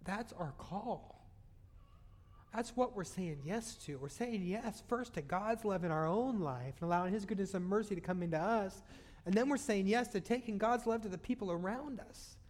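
A man preaching a sermon, with sudden loud swells and soft drops in his voice. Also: high voice, normal speed. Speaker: pastor. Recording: long hall reverb.

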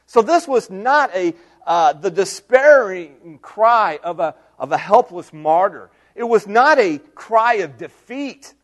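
A middle-aged male pastor preaching a sermon, moving between soft asides and raised, emphatic lines. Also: high voice, lively intonation, slow, few pauses.

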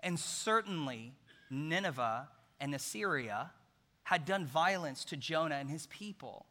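A man preaching a sermon in a forceful, tense voice that sits a little high. He tells the story in an animated way and drops jokes along the way. A long hall reverb trails each phrase. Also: measured pace.

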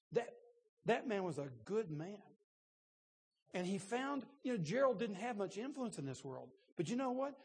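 Husky preacher in a reverberant church. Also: male voice, high voice, a little mellow. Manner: conversational storytelling with laughs and restarts. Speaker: pastor. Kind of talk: sermon. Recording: long reverb in a large room.

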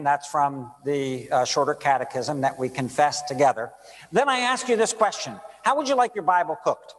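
A man preaching a sermon as pastor, reading scripture, praying and asking his listeners rhetorical questions in a measured way. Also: on the high side. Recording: long reverb of a large room.

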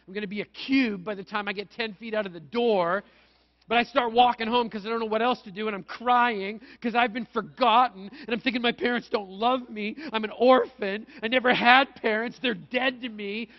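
A pastor from Manitoba, Canada, preaching a conversational sermon and telling stories with self-mocking humor. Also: male voice, sits high, fairly even intonation, moderate pace. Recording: dull, lo-fi sound.

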